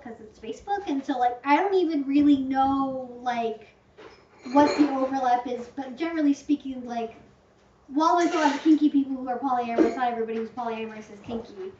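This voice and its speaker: A woman's voice: sits high, brisk, a little mellow, a little hiss or hum. A woman hosting a casual livestream Q&A, talking in a chatty, rambling way with lots of "like" and playful hyperbole. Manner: chatty, rambling, heavy use of "like", fond of hyperbole. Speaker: channel host answering viewer questions. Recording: echoey room, distant muffled mic.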